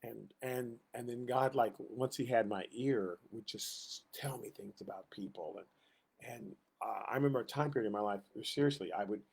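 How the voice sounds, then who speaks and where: A man's voice: mid-range voice, moderate pace, creaky, a little mellow, slightly rough. A middle-aged man teaching a casual Sunday school Bible lesson, telling personal stories and acting out the voices he quotes.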